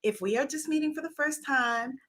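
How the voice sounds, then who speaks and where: A woman's voice: sits high, brisk, a bit bright. A woman hosting a casual live stream, effusive and laughing often as she greets viewers by name. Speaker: live-stream host and oracle card author.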